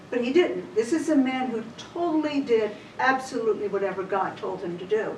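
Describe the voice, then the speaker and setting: Female Bible teacher, casual storyteller, slightly high voice, picked up from a distance in an echoey church room. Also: a little fast, hardly any pauses. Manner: chatty, retells scripture in everyday words. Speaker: women's Bible study teacher. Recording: roomy hall, distant mic, faint hiss.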